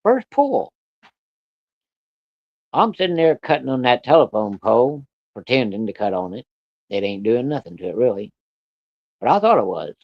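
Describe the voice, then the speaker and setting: A man spins a yarn in a loose, folksy way, swearing freely and using plain country grammar. His voice sits at an ordinary middle pitch. The recording is a little muffled and lo-fi. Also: sing-song, moderate pace, long pauses, no echo. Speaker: storyteller. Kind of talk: casual spoken storytelling.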